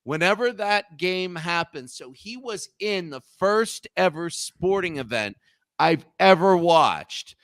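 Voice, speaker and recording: A man's voice: high-pitched, slow pace, no echo. A man in his thirties tells a long, rambling story as a guest on a casual talk show, restarting his sentences as he goes. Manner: rambling, animated anecdote with restarts.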